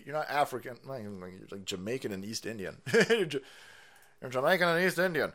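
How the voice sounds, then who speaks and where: A man's voice: medium pitch, lively intonation, brisk, a bit bright. A man hosting his own stream, giving a foul-mouthed, mocking political rant and laughing often. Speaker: streamer host.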